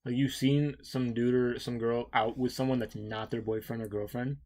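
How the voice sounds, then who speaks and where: Young male co-host, blunt and profane, middle-pitched voice. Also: flat delivery, normal speed, a little mellow. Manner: blunt, profane, laughs often. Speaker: podcast co-host. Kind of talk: casual chat.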